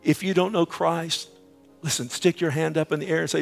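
A middle-aged man preaching a sermon with an altar call, swinging between booming quoted scripture and hushed, whispered pleading. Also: steady tone, moderate pace, gravelly. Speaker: pastor. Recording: faint music underneath.

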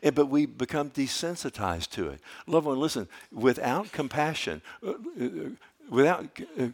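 A man's voice: medium pitch, very animated, normal speed. A middle-aged man delivers a sermon in an ordinary mid-range voice. He presses points by repeating them and restarts his phrases, then falls to a near-whisper when he tells a story. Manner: impassioned preaching that swings from loud urgency to hushed storytelling. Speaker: pastor.

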